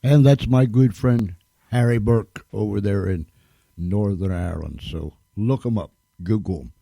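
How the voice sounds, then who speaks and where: A man's voice: fairly low pitch, unhurried, creaky, mellow, no echo. A man hosting a radio show, thanking listeners in a folksy, emphatic way and repeating himself for stress. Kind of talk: casual radio talk.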